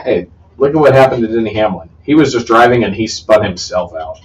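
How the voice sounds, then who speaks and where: A man's voice: fairly low pitch, animated, fairly quick, recorded from a distance, muffled recording, very noisy. A man co-hosting casual sports talk, jumping in with jokes and racing trivia, often laughing and interrupting. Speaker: co-host.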